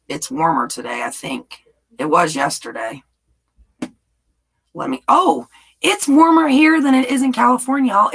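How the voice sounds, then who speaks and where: Woman, livestream host, rambling casual chat, husky voice. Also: medium pitch, fairly bright tone, low-quality recording. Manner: rambling, chatty, reads viewer comments aloud. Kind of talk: casual live chat with viewers.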